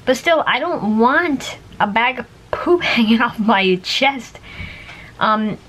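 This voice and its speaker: A woman's voice: fairly high pitch, animated, takes it slowly, fairly bright tone. A woman vlogger chatting casually to camera, rambling with lots of fillers and little laughs.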